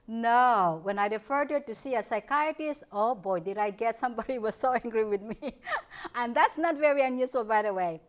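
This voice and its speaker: A woman giving a public lecture, telling stories from her practice in an animated way, often breaking into laughter. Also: on the high side, brisk, hardly any pauses, dull audio. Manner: animated storytelling, frequent laughter. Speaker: guest speaker. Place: lecture hall.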